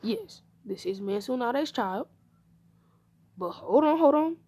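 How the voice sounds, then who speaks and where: A woman voicing a laid-back older male ninja father in a told fan story, calmly explaining in her own gravelly voice. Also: fairly high pitch, takes it slowly, a little hiss or hum, voice pushed up. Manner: relaxed, calming.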